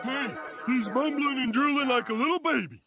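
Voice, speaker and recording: Patrick, a dopey childlike starfish. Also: male voice, very high voice, moderate pace, creaky, music in the background. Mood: goofy. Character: dim-witted goofy male starfish, childlike. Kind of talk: cartoon voice acting.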